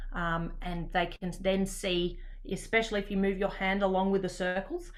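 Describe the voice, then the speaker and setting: A woman presenting to teachers in an online session, talking in a relaxed, chatty way with frequent pauses. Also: mid-range voice.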